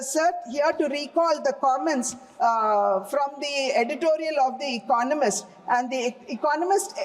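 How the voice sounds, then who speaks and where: A woman's voice: high voice, darkish tone. A woman with an Indian English accent giving a formal, emphatic parliamentary speech, repeatedly addressing the chair as sir. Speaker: member of parliament. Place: large debating chamber. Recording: echoey parliament chamber.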